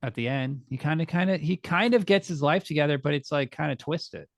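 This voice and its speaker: Higher-voiced man from New Jersey, dry sound. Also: creaky, no echo. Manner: measured, pushes back on others. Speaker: podcast co-host. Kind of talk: casual chat.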